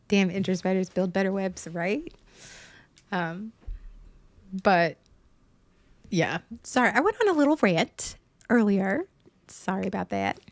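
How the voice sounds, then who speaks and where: A woman's voice: mid-range voice, animated, takes it slowly, pauses often, no room sound. A woman, a mother hosting a livestream from home. She chats casually and rambles, with many fillers and restarts. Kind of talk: casual rambling chat to viewers.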